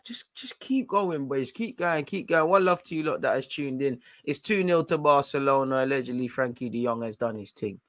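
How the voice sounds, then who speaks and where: A young man streaming a football watchalong, shouting at players and slipping into slang as he grows frustrated. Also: mid-range voice, animated, normal speed, no echo. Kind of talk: live match reaction commentary.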